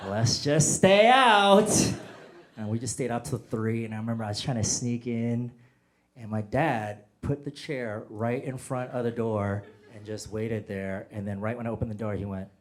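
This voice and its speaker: A man from the United States doing a stand-up set, telling animated stories and acting out bits with sudden shouts. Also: lowish voice, moderate pace. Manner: animated storyteller, acts out bits and bursts into shouts. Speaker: stand-up comedian. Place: comedy stage with a laughing audience. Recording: noisy live comedy club audio.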